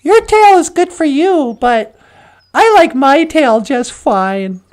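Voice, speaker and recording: Woman doing a sensible crow, friendly, matter-of-fact, high bright lift, slow. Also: lively intonation.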